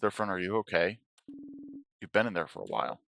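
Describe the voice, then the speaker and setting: A man voicing a cool, perceptive woman researcher, speaking low, quiet and matter-of-fact. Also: expressive, fairly quick, gravelly, no echo, exaggerated voice. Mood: concerned.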